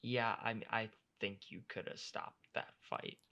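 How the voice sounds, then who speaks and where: Animated, bright-voiced young man ranting. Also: on the low side, unhurried, gravelly, dull audio. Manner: animated, exasperated ranting with profanity. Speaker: podcast co-host. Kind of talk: casual chat.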